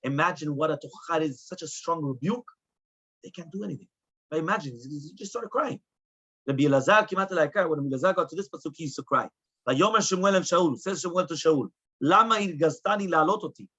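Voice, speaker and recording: A man's voice: a little high, quick pace, bright, forceful tone, breathy edge, poor audio. A man teaching a Talmud lesson as a rabbi, asking rhetorical questions and moving between Hebrew and English. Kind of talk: Talmud lecture.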